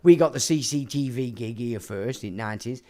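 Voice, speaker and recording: A man with a medium-pitched, darkish voice speaks at a normal speed while hosting a casual livestream. He reads out viewer comments and rants crudely, swearing a lot and laughing as he talks.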